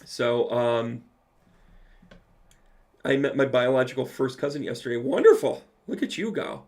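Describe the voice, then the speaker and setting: Man, gravelly voice, mid pitch, casual livestream Q&A, chatty, reads viewer comments aloud. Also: sing-song, unhurried, darkish tone. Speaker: medium answering live chat questions.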